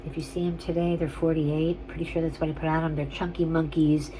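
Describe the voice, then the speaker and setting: Woman, jewelry seller, casual rambling chat, lowish voice, faint background hiss. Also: flat delivery, fairly quick. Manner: chatty, rambling, gushing over pieces. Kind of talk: casual on-camera selling chat.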